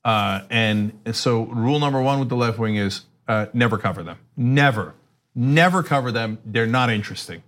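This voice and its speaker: A middle-aged man co-hosting a casual political chat, animated and acting out quotes. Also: fairly low pitch, a little fast, few pauses. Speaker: co-host.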